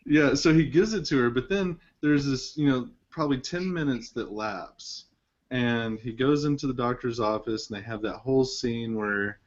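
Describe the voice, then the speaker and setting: A man's voice: mid-range voice, normal speed. A man hosting a casual film discussion, rambling with lots of fillers and restarts. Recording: dull lo-fi recording.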